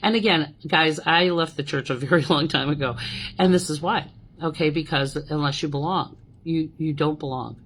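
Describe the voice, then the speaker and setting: Low-voiced woman doing her podcast, middle-aged, animated storytelling, keeps saying okay and you know. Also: normal speed, slight background noise, rough recording. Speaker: podcast host. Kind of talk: casual storytelling monologue.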